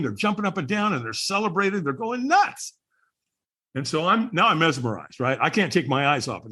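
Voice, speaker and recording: A male podcast guest tells a story with real animation, his pitch jumping up and down as he acts out the people in it. His voice is a bit high for a man and has a husky edge, and he comes across as a lively storyteller.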